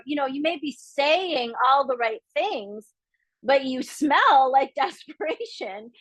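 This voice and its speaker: A middle-aged woman from the area, teaching a live masterclass in a candid, lively way, acting out the voices she quotes. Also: fairly high pitch, no echo. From Boston area, Massachusetts. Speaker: business coach.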